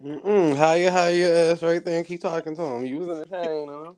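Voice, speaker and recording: A man, sarcastic and dismissive. He mocks people with his own made-up questions and answers. His voice runs a little high for a man. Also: steady tone, brisk, a little mellow, no room sound. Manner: sarcastic, mocking rants with mock questions. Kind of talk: casual banter.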